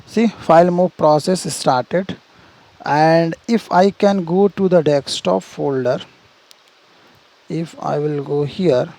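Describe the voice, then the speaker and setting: A man's voice: on the high side, takes it slowly, creaky, darkish tone, poor audio. A man teaching programming in a screen-share tutorial, walking through steps and checking in with "see" and "right?". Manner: explains step by step, repeats "see" and "right?", frequent restarts.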